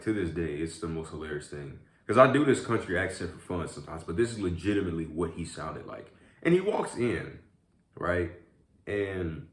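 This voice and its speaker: A man vlogging casually while eating, telling a rambling story full of fillers like "like" and "you know". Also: deep voice. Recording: echoey room.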